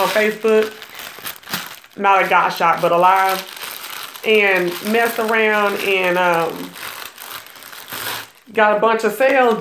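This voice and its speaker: A woman's voice: medium pitch, echoey room, background noise. A woman hosting a casual live stream, chatting and gossiping with viewers while selling jewelry, laughing often and greeting viewers by name. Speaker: livestream jewelry seller and gossip host.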